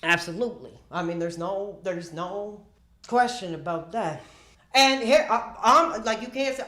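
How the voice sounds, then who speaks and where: A man in his thirties rambling through a comedic livestream rant, with dramatic pauses, sighs and stammering restarts. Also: sits high, sharp tone, echoey room. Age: 30s.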